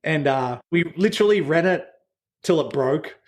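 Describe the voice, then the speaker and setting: A man's voice: on the high side, animated, moderate pace. A man telling winery anecdotes. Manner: anecdotal, acts out quoted dialogue with filler words. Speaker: winery executive, interview guest. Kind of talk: casual storytelling interview.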